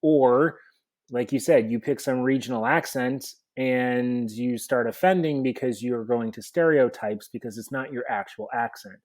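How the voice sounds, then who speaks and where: Man, mid-pitched podcast co-host, coaching tone. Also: a little mellow. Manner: explanatory, coaching tone with rhetorical questions. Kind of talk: conversational podcast advice.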